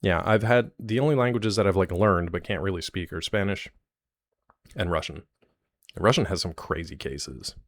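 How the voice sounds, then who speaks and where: Low-voiced guy streaming live, jokey rambling chat, dry close sound. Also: moderate pace, no room sound.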